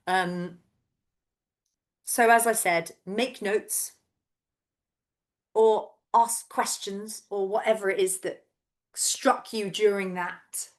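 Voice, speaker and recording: A woman in her thirties, a vocal coach gently and encouragingly guiding a voice and breath workshop over a video call. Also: medium pitch, steady tone, slow pace, pauses often. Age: 30s.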